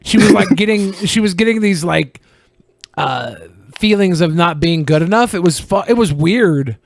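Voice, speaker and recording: A man's voice: high voice, expressive, normal speed, creaky, no room sound, clean studio sound. A man on a podcast casually recounting a late-night story, chuckling and quoting the people he met. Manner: laid-back, chuckling recollection with quoted voices. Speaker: podcast co-host.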